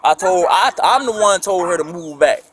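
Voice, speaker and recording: A young man with a drawl and a high voice talks to police in halting, rambling bursts, often restarting his sentences. The bodycam sound is busy with many people talking all around him. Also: animated. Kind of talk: bodycam conversation. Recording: bodycam audio with crowd noise.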